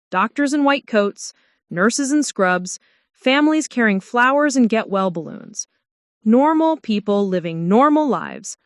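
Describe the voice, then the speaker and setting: Woman telling a tense first-person story, high-ish voice that swings around a lot. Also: no room sound, studio quality. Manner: tense, dramatic, swinging pitch.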